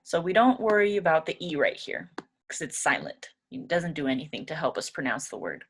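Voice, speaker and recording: A woman's voice: deep voice, big pitch swings, fairly quick, husky. A young woman teaching English pronunciation, patiently repeating each word aloud several times. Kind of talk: pronunciation lesson.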